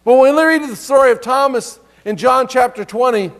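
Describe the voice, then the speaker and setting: A man's voice: very high-pitched, fairly quick. A man preaching a sermon in a conversational way, asking the congregation rhetorical questions and reading scripture aloud. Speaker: pastor.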